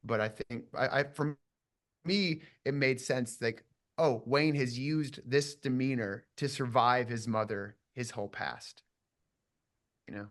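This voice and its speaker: A man from southern Minnesota speaks in a relaxed interview, mid-pitched and easygoing. He thinks aloud, trailing through restarts and filler words as he explains his ideas. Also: a little slow. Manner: reflective, rambling, full of restarts and fillers. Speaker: actor guest. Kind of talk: casual interview chat.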